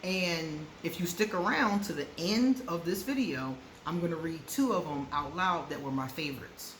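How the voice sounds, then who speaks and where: A woman's voice: on the low side, normal speed. Woman, frank advice vlog, laughs a lot, roomy echo, faint background hiss. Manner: frank, laughs often, repeats for emphasis. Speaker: astrology advice vlogger. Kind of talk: casual advice chat to camera.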